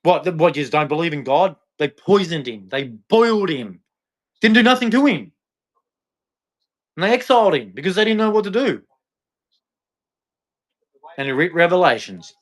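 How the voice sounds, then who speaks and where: Speaking in a high, sing-song voice with a fairly bright tone, this male vlogger delivers a preachy religious rant to camera at normal speed with frequent pauses. He repeats himself, heckles, and challenges whoever is watching.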